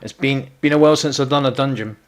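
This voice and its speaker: A man with a medium-pitched voice talks fast while casually chatting on a game stream. He teases his viewers and fumbles over repeated words.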